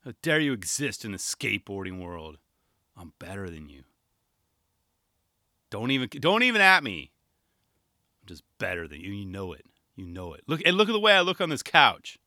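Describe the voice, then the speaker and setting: A man's voice: fairly low pitch, big pitch swings, moderate pace, long pauses, sharp tone, no room sound, clean studio sound, voice pushed down, exaggerated voice. Man putting on a smug, scornful pro skater.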